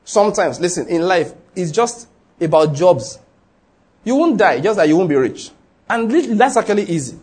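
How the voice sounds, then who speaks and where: A man's voice: high voice, expressive, moderate pace, a little mellow, husky. A man with a Nigerian accent preaching a sermon, emphatic and full of rhetorical questions, acting out the people in his story.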